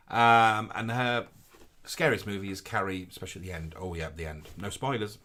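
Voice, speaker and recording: A man's voice: on the low side, steady tone, brisk, bright, forceful tone. A man co-hosting a live show, chatting casually and reading out viewer comments in a camp, gushing manner with sing-song greetings.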